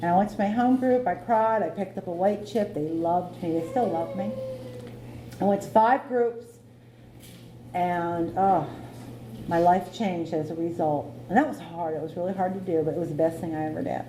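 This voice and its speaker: Middle-aged woman, recovery meeting testimony, candid storyteller, mellow tone, echoey meeting room. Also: fairly low pitch, normal speed, a little hiss or hum. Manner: candid, storytelling, laughs at herself. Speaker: AA meeting speaker.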